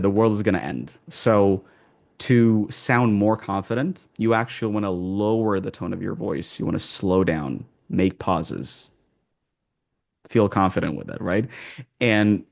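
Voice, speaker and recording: A low-voiced man giving advice as an accent coach in an interview. His voice is gravelly and sits on the low side. He speaks in a calm, measured way and often pauses and restarts his phrases. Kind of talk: interview answers.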